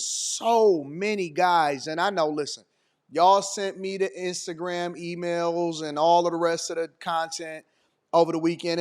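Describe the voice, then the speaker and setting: Fairly high-voiced guy host, blunt slangy opinions, hits every point hard. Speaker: channel host reacting to a clip. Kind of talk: opinionated commentary.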